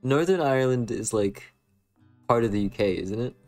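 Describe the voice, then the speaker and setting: A man's voice: mid-range voice, expressive, normal speed, darkish tone, soft background music. A young man with an American accent, chatting casually on a stream and answering chat in a rambling, playful way, full of fillers. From western United States.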